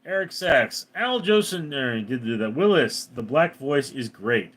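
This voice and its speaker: A man's voice: medium pitch, measured pace. A man hosting a casual livestream, reading out commenters' names and chatting back to them. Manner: reads commenter names then answers, animated.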